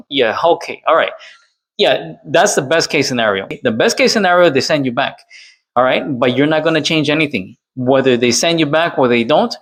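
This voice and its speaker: A man's voice: medium pitch, a little fast, fairly bright tone. A man from Colombia doing reaction commentary, lecturing and repeating his points with tag questions. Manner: lecturing, repeats points with "all right?" and "okay?".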